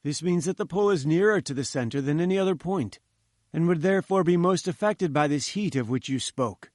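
A man's voice: on the high side, brisk, darkish tone, no room sound, clean studio sound, voice pushed up, lightly acted. A man reading an audiobook, voicing a pompous older professor who talks down to his listener. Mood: patronizing. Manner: condescending, lecturing.

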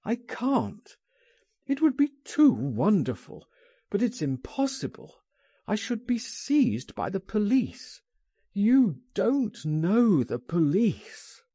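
A man reading a story voices a frightened, emotional gentleman who pleads in a high, strained voice. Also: huge pitch swings, takes it slowly, slightly rough, dry recording, full character voice. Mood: pleading. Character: frightened, emotional male gentleman, fearful of arrest.

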